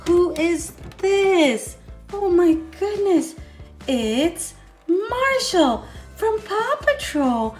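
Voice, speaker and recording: Woman, young adult, children's toy host, sing-song and excited, slow and drawn out, lively pitch. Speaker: kids' toy video host. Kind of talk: children's toy play narration. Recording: echoey room, faint music.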